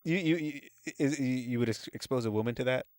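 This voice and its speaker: A man's voice: medium pitch, fast talker, darkish tone, no room sound, clean studio sound. A man who is a comedian guest on a podcast, telling stories in a rambling way with lots of false starts. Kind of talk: casual podcast chat.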